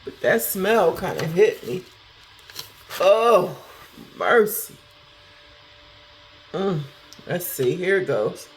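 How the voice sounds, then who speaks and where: A woman casually chatting through a snack taste test, thinking out loud as she goes. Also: lowish voice, extremely slow, long pauses, slight background noise. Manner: talks to herself while tasting, animated, chatty. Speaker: food review vlogger.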